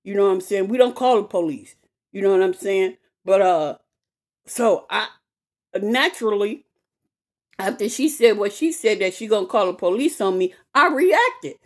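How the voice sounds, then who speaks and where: A woman telling a personal story to camera in an animated, emphatic way, swearing freely and repeating herself. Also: mid-range voice, normal speed. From west side of Chicago. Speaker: vlogger.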